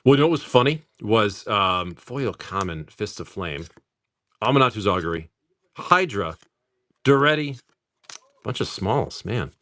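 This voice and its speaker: A man's voice: fairly low pitch, expressive, a little slow, pauses often, a bit bright. A middle-aged man hosting a casual live stream. He jokes, laughs often, swears freely and rattles off card names while opening packs.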